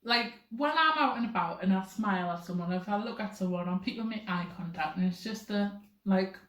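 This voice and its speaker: A woman's voice: mid-range voice, brisk, fairly bright tone. A young woman talking casually to camera, rambling with lots of fillers. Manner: rambling, filler-heavy, chatty. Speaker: vlogger. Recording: roomy echoey room.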